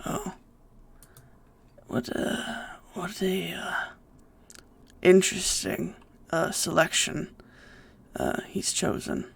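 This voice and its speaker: Game master doing a lich-like saint of death, hushed, solemn, unhurried, gravelly, tabletop game. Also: medium pitch, no echo, full character voice. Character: towering lich-like saint who guides souls of the dead.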